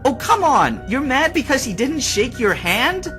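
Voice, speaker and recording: A man reading a storybook voices an indignant teenage boy who protests loudly. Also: a little high, big pitch swings, slow, soft background music, voice pushed up, heavily acted. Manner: outraged, loud. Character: hot-tempered, horrified teenage boy.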